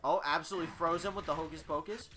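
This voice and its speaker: A man's voice: on the high side, steady tone, rapid-fire, crowd noise. A man hosting and casually commentating fights, swearing freely and filling his sentences with "like" and "uh". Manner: casual and profane, with filler words. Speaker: host and commentator. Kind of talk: casual game commentary and story reading.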